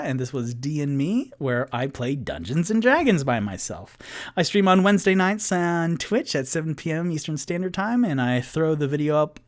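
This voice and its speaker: Rambling, casual man running a solo game. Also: fairly high pitch. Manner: casual, rambling, filler-heavy. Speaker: game master and show host. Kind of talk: live-streamed tabletop game narration.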